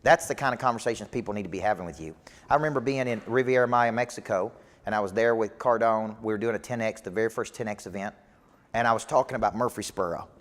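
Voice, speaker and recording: Emphatic coach in a hall. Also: male voice, on the low side, quick pace. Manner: emphatic, repetitive rallying delivery. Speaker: business coach. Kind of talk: motivational speech to a live audience. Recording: long hall reverb.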